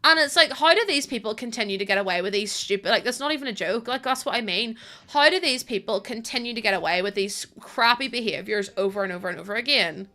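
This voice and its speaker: Bright-voiced British woman streaming. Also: a little high, quick pace. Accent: British English. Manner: chatty and expressive, swears freely, laughs often. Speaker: live streamer. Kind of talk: casual chat while gaming on stream.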